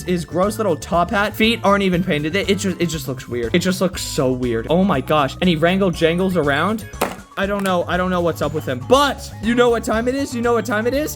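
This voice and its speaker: A young man from the United States reviewing cheap toy figures with excitable, mocking, over-the-top outbursts. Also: sits high, a little fast, faint music behind. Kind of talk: comedic unboxing review.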